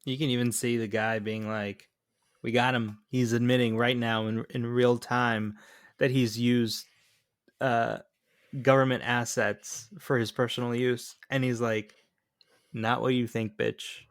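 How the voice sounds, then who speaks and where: A man with an ordinary mid-range voice chats about a film on a podcast. He jokes loosely, pauses with "uh" and tosses out rhetorical questions. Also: medium pitch, little pitch movement, clean tone. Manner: loose and joking, trails off with "uh". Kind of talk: casual movie chat.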